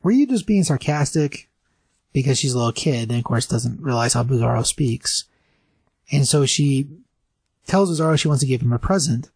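A man co-hosting a casual podcast, recapping a comic story in a rambling way and briefly acting out lines in higher voices. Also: fairly quick, slightly rough, no room sound. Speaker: podcast co-host reviewing comics.

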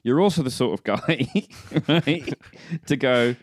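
A man's voice: mid-range voice, a little slow. A man hosting a casual podcast chat, laughing often and mixing teasing with earnest praise. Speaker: podcast host.

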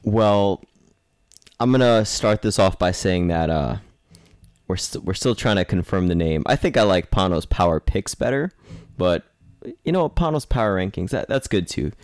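A man's voice: low voice, expressive, normal speed, a little mellow, clean tone, no room sound, clean studio sound. A man co-hosting a sports podcast in casual chat, talkative and playful, often correcting himself mid-sentence. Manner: chatty, self-correcting, playful. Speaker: podcast co-host.

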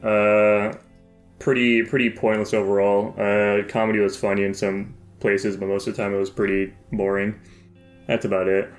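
A man co-hosting a podcast with a low voice and a dry, blunt delivery. He comes across as unimpressed and gives his opinions plainly. Faint music plays in the background. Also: little pitch movement, normal speed. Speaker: podcast co-host. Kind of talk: casual podcast banter.

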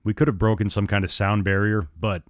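A man voicing a gruff, commanding male airline captain who speaks in curt, clipped orders. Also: lowish voice, steady tone, a little fast, no room sound, studio quality, natural voice. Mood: terse.

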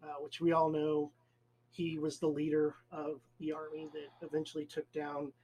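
A man's voice: fairly high pitch, completely flat delivery, normal speed, dark tone, slight background noise, rough recording. A man co-hosting a podcast, casually explaining a history fact in a loose, rambling way with fillers. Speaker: podcast co-host.

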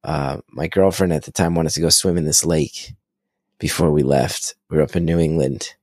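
A man in his thirties chatting casually, animated and excitable, swearing freely as he tells stories. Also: a bass voice, normal speed, dry recording, clean studio sound. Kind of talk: casual conversation.

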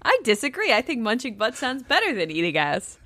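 A woman's voice: a little high, wildly swooping pitch, a little fast, fairly bright tone, no room sound. A woman co-hosting a podcast, chatting playfully about reality TV and laughing often. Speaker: podcast co-host. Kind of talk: casual reality TV recap chat.

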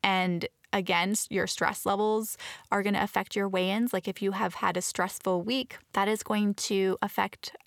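A woman's voice: medium pitch, steady tone, normal speed, dry recording, clean studio sound. A woman talking casually to camera about fitness, earnest and chatty, often restarting her sentences. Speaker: fitness vlogger. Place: Los Angeles area.

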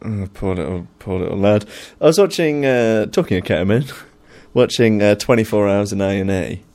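A man's voice: fairly low pitch, animated, normal speed, dark tone. A young man telling rambling anecdotes in casual chat, with plenty of fillers and laughter.

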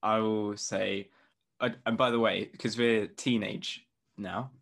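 A man's voice: lowish voice, steady tone, slow pace, gravelly, a bit bright. A man playing a tabletop role-playing game, chatting with the game master and laughing often. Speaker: player. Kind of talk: casual tabletop game play.

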